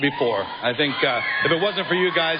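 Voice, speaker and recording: A man giving a rambling, halting award acceptance speech full of fillers, heard through broadcast audio. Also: fairly high pitch, animated. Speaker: award winner. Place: awards ceremony hall. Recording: dull broadcast audio with loud crowd and noise.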